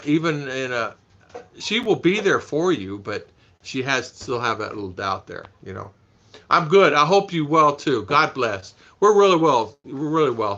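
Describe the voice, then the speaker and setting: A man's voice: mid-range voice, sharp tone, lo-fi sound. A man hosting a casual live stream, chatting with viewers, reading their names aloud and laughing often. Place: home in the Philippines.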